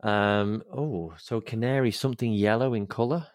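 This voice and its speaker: A man's voice: lowish voice, fairly even intonation, normal speed, a little mellow, dry recording, clean studio sound. A man co-hosting a casual chat, teasing the others with sardonic banter. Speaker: podcast co-host.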